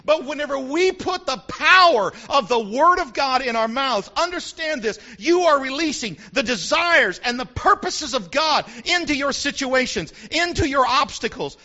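A man preaching a sermon to his congregation, animated and preacherly, acting out the voices he quotes. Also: very high-pitched, moderate pace, few pauses, muffled recording. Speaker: pastor. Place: church sanctuary with congregation.

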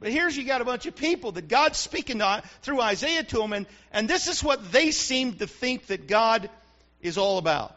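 High bright preacher, emphatic. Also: male voice, animated, normal speed, dull audio. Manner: emphatic, repetitive preaching with rhetorical questions. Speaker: pastor. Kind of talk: sermon.

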